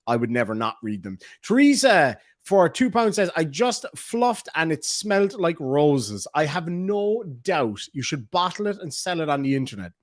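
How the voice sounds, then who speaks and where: A chatty man hosts a livestream, reading donations aloud with a joking, easygoing manner. His voice sits a little high and comes through a close, dry mic with no room sound. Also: big pitch swings, moderate pace, hardly any pauses, dry recording. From Ireland. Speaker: livestream host. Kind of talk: casual livestream commentary.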